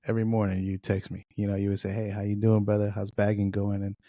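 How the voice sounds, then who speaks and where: A man's voice: fairly low pitch, completely flat delivery, quick pace, mellow, no echo, studio quality. A man hosting a podcast in casual chat, easygoing and peppering his talk with "dude" and "man.". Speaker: podcast host.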